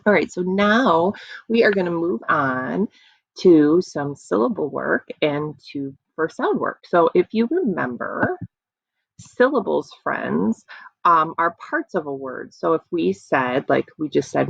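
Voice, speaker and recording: Slow, sing-song teacher woman, slightly gravelly. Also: low voice, animated, no room sound. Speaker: kindergarten teacher. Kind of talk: online phonics lesson for young children. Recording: dry, dull lo-fi computer audio.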